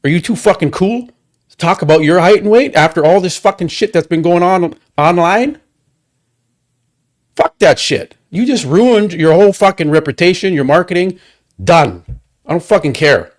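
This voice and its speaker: A man with a slightly high voice hosts a live stream from his desk microphone, talking straight into it. He rants with heavy profanity, repeating himself and firing rhetorical questions one after another. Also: lively intonation. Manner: profane, heated, rapid repetitions and rhetorical questions. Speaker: livestream host. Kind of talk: angry watchalong rant.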